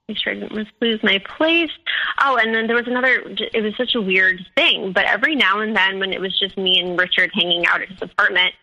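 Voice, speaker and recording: A young woman telling her own story as a guest, halting, with many fillers and restarts. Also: mid-range voice, pushed and bright, low-quality recording. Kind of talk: personal storytelling.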